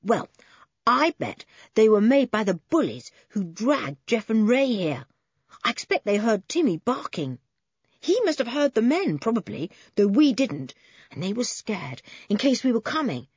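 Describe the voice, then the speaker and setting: Lady doing a keen schoolboy working it all out, lively voice, muffled. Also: fairly high pitch, unhurried, husky, no room sound, full character voice. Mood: explaining. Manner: eager and explaining. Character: clever schoolboy explaining his theory.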